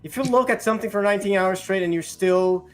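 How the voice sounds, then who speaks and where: A young man with a Brazilian accent, a podcast co-host, chatting casually with profane, excitable outbursts and stumbling repetitions. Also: sits high, fast, faint music behind. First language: Portuguese.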